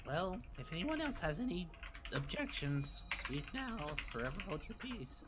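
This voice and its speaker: A player speaking in character at a tabletop game, measured and deliberate. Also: mid-range voice, very animated, very noisy.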